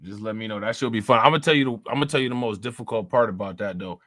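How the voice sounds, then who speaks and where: A man's voice: on the low side, fast, bright, forceful tone, dry recording, studio quality. A man hosting a live stream, talking loosely and profanely, laughing often and repeating himself. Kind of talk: casual live-stream commentary.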